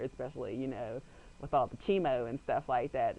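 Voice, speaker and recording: A man's voice: medium pitch, a little fast, mellow, lo-fi sound. A young man chatting casually into a webcam at home, rambling and filling his talk with "like" while acting out little quotes. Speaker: vlogger.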